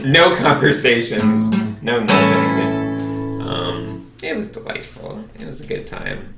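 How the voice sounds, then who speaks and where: A man's voice: fairly low pitch, slow, gravelly, roomy sound, recorded from a distance, loud music behind the voice. A young man hosting a casual podcast chat, telling a story and acting out the quotes. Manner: animated storyteller, acts out quotes. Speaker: podcast host.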